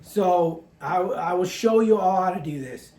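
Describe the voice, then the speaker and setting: A man with a high, light voice speaks in a casual vlog, earnest and heartfelt as he opens up about his feelings. The sound bounces around an echoey room. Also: a little slow, mellow. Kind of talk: casual vlog talk to camera.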